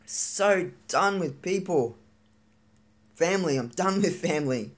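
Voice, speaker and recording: A vlogger venting in a live-streamed rant, frustrated and swearing, with lots of halting fillers and restarts. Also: medium pitch, expressive, slight background noise.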